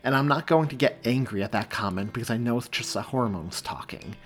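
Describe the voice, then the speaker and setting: A man reading aloud, voicing a wry, steady young man who speaks sarcastically but firmly and gently. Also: mid-range voice, a little fast, faint music behind, lightly acted. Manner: sarcastic, then gentle and firm.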